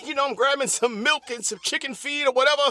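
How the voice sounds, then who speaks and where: Very high-voiced animated comedy host. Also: male voice, fast talker, no room sound. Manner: animated, repetitive, laughs often. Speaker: podcast host. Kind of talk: improvised comedy monologue.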